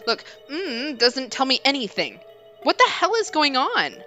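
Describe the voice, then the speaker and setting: A woman reading a game aloud and voicing an impatient man who snaps, speaking brightly with lively pitch. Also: faint music behind, full character voice. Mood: exasperated. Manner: sharp, exasperated, quick to snap. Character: brusque harried adult man, impatient, snappish.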